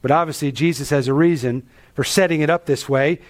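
High-pitched guy preaching, pastor teaching a bible passage, chatty but emphatic, lots of questions to the crowd. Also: fairly quick. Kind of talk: expository sermon.

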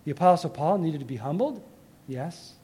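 A man preaching a sermon, building to emphatic bursts and dropping to quiet pauses. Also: on the high side, lively intonation, breathy edge. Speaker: pastor.

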